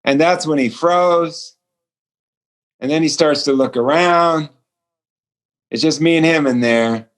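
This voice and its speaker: A male author and speaker, appearing as a guest over a remote call, tells a personal story earnestly and acts out the quoted dialogue. His voice is fairly high, his pace slow, with long pauses.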